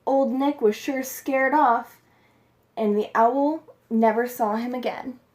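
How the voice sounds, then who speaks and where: A woman's voice: a little high, takes it slowly, darkish tone. A woman telling a folktale in a plain, homespun way for a storytelling class. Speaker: student storyteller.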